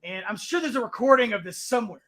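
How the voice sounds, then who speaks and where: A man telling a story in casual chat on a call-in show. He swears freely and acts out the other people in his stories with lively changes of voice. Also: very high voice, fast talker. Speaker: guest on a call-in talk show.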